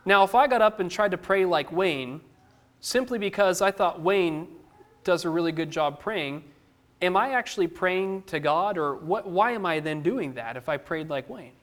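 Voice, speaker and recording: Male preacher, high-pitched, earnest and conversational sermon delivery. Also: expressive, moderate pace, fairly bright tone. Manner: earnest, conversational, asks the listeners direct questions.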